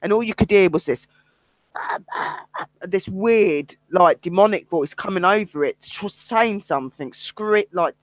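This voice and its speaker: A woman's voice: mid-range voice, a little slow, no room sound. A woman, a paranormal investigator and medium, telling ghost stories in casual livestream chat and acting out the voices of others. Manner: animated storytelling, acts out other people's lines.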